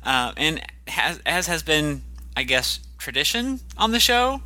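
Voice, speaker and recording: A man's voice: a little high, sing-song, measured pace, pushed and bright. A man co-hosting a podcast in casual chat, talking in a hesitant, self-deprecating way with frequent ums and restarts. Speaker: podcast co-host.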